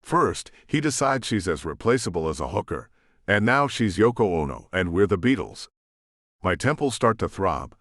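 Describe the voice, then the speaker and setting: A man narrating a first-person romance audiobook in an expressive, emotional way. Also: lowish voice, normal speed, no room sound, clean studio sound.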